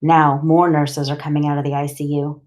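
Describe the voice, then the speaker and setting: Brief: woman audiobook narrator, low voice, plain steady delivery. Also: moderate pace. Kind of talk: first-person audiobook narration.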